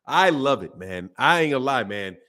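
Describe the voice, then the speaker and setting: A man's voice: medium pitch, big pitch swings, moderate pace, sharp tone. A man hosting a boxing channel, casually chatting on a live stream and reading viewer comments, repeating phrases as he goes.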